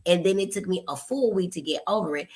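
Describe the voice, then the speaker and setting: A woman's voice: on the low side, quick pace, slight background noise. A woman hosting a casual live stream, chatty and playful, greeting viewers by name and calling them y'all and honey. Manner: greets viewers by name, teasing, laughs at herself. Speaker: host, psychiatrist and pediatrician.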